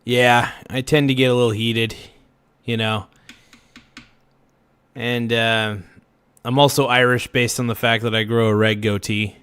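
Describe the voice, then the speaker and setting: A young man chatting on his own livestream late at night. He rambles in a self-reflective way, with restarts and fillers, and his voice sits at an ordinary middle pitch. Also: level tone, unhurried, long pauses, fairly bright tone, clean tone. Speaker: livestream host.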